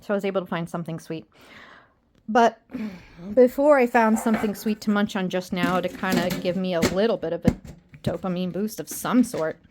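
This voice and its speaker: A woman's voice: on the low side, background noise. A woman records a casual video diary at home and addresses her viewers directly. She rambles and pokes fun at herself, and she sounds tired. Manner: rambling, self-deprecating, chatty with viewers. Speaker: vlogger.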